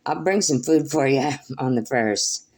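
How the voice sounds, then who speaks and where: A woman's voice: very deep voice, lively intonation, unhurried. An older woman from Oregon talking into her phone, rambling through an emotional spiritual monologue. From Portland, Oregon. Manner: emotional, preachy, swings between soft and loud; talks baby-talk to her dog. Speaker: vlogger.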